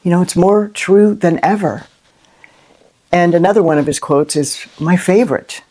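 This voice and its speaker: A middle-aged woman hosting a Christian inspirational video, talking unscripted and from the heart, with lively rhetorical questions and frequent "right?". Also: lowish voice, normal speed. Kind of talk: unscripted heartfelt monologue to camera.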